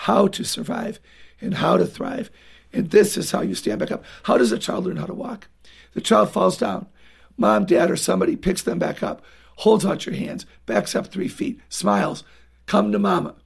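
Woman, radio guest, gravelly, husky, earnest, emphatic, studio mic. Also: fairly low pitch, moderate pace, darkish tone. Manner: earnest and emphatic, acts out parent-child exchanges. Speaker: guest author on parenting. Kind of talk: radio interview talk.

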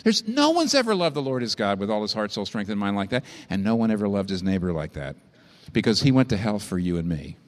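A male pastor delivers a sermon with a lively, animated voice that swoops up high for emphasis and drops low for weight. His words ring out in a large hall with a long reverb trailing behind them. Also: fast talker. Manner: impassioned preaching, rising sharply in pitch for emphasis.

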